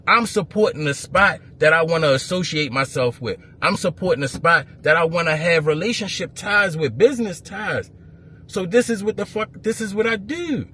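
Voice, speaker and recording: Man, bright forceful voice, profane ranting story, faint background noise. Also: sits high, moderate pace. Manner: profane, heated, grows louder and more animated. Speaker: event promoter. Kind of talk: storytelling rant to camera.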